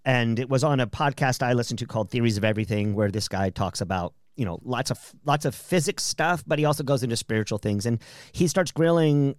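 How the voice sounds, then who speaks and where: A mid-pitched man hosts a podcast, rambling fast and chatty through his thoughts. The sound is dry and close. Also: dry recording. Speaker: podcast host. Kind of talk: casual podcast conversation.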